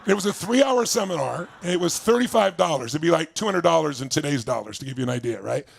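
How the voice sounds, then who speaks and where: A man's voice: on the high side, lively intonation, quick pace, creaky, a little hiss or hum. A man giving a motivational talk, telling a personal story with enthusiasm and acting out the other people in it. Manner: enthusiastic, acts out voices in anecdotes. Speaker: motivational speaker.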